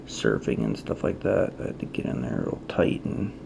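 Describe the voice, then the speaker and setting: A man's voice: very deep voice, very animated, normal speed, creaky, background noise. A man who is a trading card artist, showing his work in a casual, rambling way, thinking aloud and criticizing his own choices. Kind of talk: casual show-and-tell.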